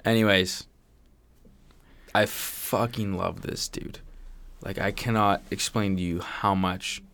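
Low-voiced crude young man. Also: takes it slowly, creaky, a little hiss or hum. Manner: crude, animated, swears a lot, does impressions. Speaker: podcast co-host. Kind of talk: casual chat.

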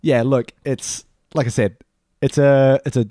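A man co-hosting a casual podcast chat over beers, relaxed and halting, often repeating words. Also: mid-range voice, no room sound, studio quality. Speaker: podcast co-host.

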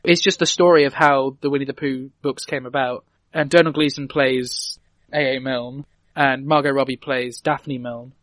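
A man's voice: mid-range voice, steady tone, moderate pace, fairly bright tone, dry recording. A man casually recounting a film's story, rambling and correcting himself as he goes. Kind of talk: casual chat.

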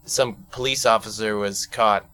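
A man's voice: fairly low pitch, steady tone, normal speed, pushed and bright, clean tone. A man co-hosting a late-night radio show, telling crude stories and cracking jokes. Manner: crude, joking, tells stories. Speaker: radio co-host.

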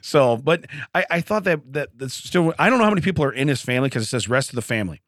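Male radio co-host, lively pitch, dry close mic, chatty and laughing. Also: quick pace, no echo. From Illinois. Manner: laughs often, animated storytelling. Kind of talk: casual banter.

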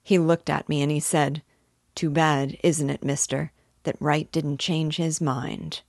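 A woman's voice: low voice, steady tone, a little slow, a little mellow, dry recording, clean studio sound. A woman reading aloud, voicing a shaken male homesteader who witnessed a shooting.

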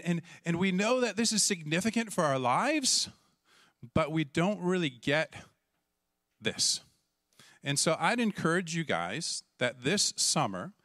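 Animated male pastor telling a story. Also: on the high side, no room sound, studio quality. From Canada. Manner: animated, acts out voices and shouts in the story. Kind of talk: storytelling sermon.

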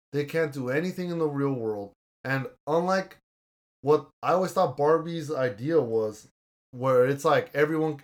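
A young man hosting a casual podcast, reviewing a movie in a blunt, argumentative way and swearing casually. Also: on the high side. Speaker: podcast host.

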